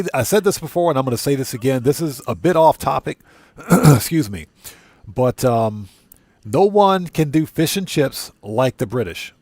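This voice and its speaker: A man chatting casually to viewers while he streams a game. He talks at a middle pitch and keeps repeating his points for emphasis. The sound is dry and close, with no room around his voice. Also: darkish tone, dry recording. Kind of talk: casual livestream chat.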